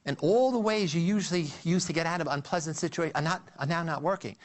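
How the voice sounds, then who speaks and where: A man giving a psychology lecture, telling the story in an animated way with frequent restarts and fillers. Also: fairly high pitch, fast talker. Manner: animated storytelling, addresses listeners as "you".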